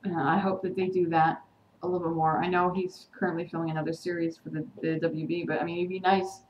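A woman's voice: fairly low pitch, flat delivery, quick pace, a little mellow, dull audio. A woman recapping a TV episode in a casual vlog, heated and indignant, slipping into sarcastic mimicry. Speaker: TV episode vlogger. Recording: echoey room with faint ambient noise.

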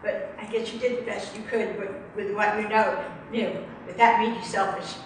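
A middle-aged woman in an emotional tapping exercise, speaking haltingly and repeating phrases back in anger. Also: mid-range voice, steady tone. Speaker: workshop volunteer. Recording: echoey room, distant mic, some noise.

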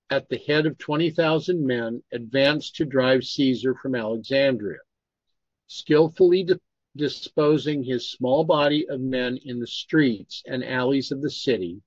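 A man's voice: mid-range voice, no room sound. Man reading history aloud, dry lo-fi. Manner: steady reading, stops to comment on pronunciation. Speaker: Bible study reader.

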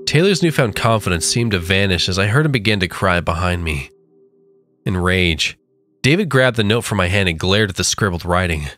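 A man narrating a first-person horror story with a dramatic, drawn-out delivery. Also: low voice, expressive, fairly bright tone. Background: faint music.

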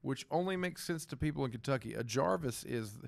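Southern ohio guy, gravelly voice, loose sweary chat w/ lots of laughs, dry close mic. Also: mid-range voice, no echo. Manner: animated, swearing, quick laughs, acts out quotes. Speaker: host. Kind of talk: casual chat.

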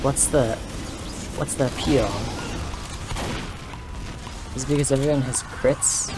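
Hoarse, rambling man streaming a game. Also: medium pitch. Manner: rambling and excitable, joking and laughing. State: hoarse, worn-down voice. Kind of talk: live gameplay commentary. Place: his room at home. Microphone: desk microphone.

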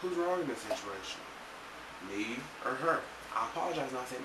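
A young male vlogger rambles to camera about a fight with a friend, retelling it emphatically and acting out the quotes. His voice is medium-pitched and he talks fast. The room is echoey with loud ambient noise, and the mic is far off.

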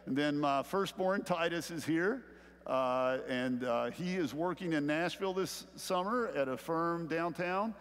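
A middle-aged man preaches in a church sanctuary, his voice sitting high for a man. He climbs louder on key lines and keeps checking in with "okay?". The sound carries a long reverberant tail from the hall. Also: a little slow. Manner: animated preaching, rising louder on key points, frequent "okay?" check-ins. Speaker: pastor. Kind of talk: sermon.

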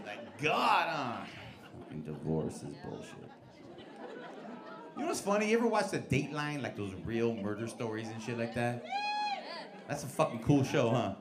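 A man's voice: mid-range voice, sing-song, normal speed, pauses often. A man in his forties doing stand-up crowd work on a comedy club stage, brash and profane as he teases the audience. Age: 40s. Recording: echoey club with crowd noise. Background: laughing club audience.

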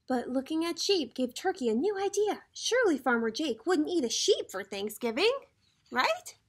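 A teacher reading a children's picture book aloud, talking directly to the kids in a lively storytelling way. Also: female voice, high voice, normal speed.

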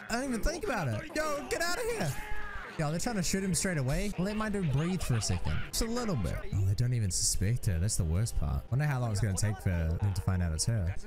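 A young man reacting to an anime episode in casual commentary, excitable and swearing, with sudden high yelps.

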